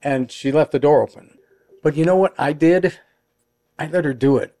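A quiet, soft-spoken man hosting a casual podcast conversation. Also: fairly high pitch, normal speed, no echo. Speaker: podcast host.

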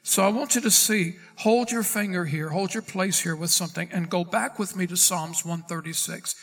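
This man's voice is high for a male and fairly bright in tone as he delivers an expository sermon. He reads scripture slowly and deliberately, pausing to put questions to his congregation.

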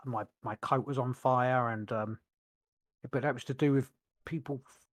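A man's voice: mid-range voice, steady tone, moderate pace. Rambling man, casual podcast chat. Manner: rambling, searches for words, many restarts. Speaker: podcast co-host.

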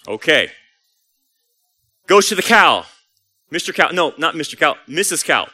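Male pastor, energetic storyteller, expressive sermon delivery with a very lively pitch. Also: moderate pace, long pauses. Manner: animated storytelling, acts out voices.

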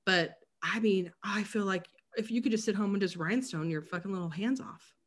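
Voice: medium pitch, a little fast. A co-host in a casual chat, talking loosely with lots of fillers and swearing. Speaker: podcast co-host.

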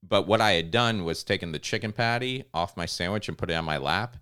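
Man, comedian, podcast co-host, animated storyteller, smooth resonant voice, casual. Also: low voice, brisk, no echo, clean studio sound.

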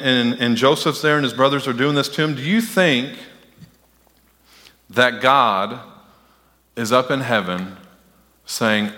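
A man's voice: mid-range voice, pushed and bright. A man preaching a sermon as pastor, talking in a conversational way and slipping into mocking voices. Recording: long hall reverb.

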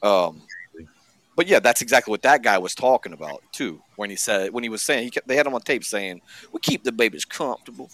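Guy cohosting a political chat, deep-ish voice, dry close sound, blunt and sarcastic. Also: expressive, fairly quick, a bit bright, dry recording. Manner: blunt, sarcastic, reads aloud from a bill. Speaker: podcast co-host.

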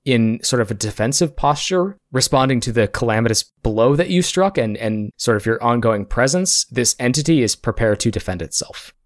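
Brief: male game master, steady descriptive narration, dry close recording. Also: medium pitch, normal speed, hardly any pauses, no echo.

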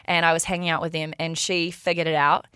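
A woman's voice: low voice, level tone, fast, pushed and bright, clean tone, no room sound, clean studio sound. A woman, a podcast guest, telling funny stories in a chatty way and laughing often. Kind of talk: casual storytelling.

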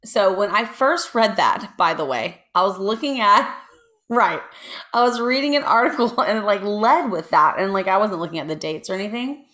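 A woman's voice: mid-range voice, animated, normal speed, pushed and bright. Chatty woman telling a true crime story. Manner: chatty, lots of ums and asides, reads from notes. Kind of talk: casual chat.

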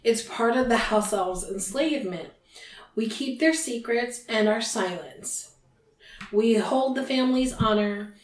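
A woman reads out a timid, devoted male house elf in an earnest, formal servant's manner. The voice sits a touch high, and the recording has a roomy echo. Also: unhurried, lightly acted.

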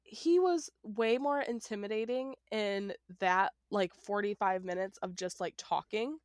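A woman's voice: medium pitch, measured pace, dry recording, studio quality. A woman co-hosting a casual movie chat, upbeat and decisive in her opinions.

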